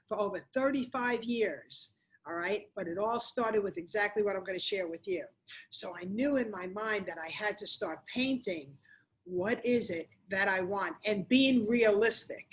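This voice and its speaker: A middle-aged woman giving a motivational talk to camera, speaking emphatically and repeating key phrases straight to the viewer. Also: medium pitch. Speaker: motivational speaker on domestic violence.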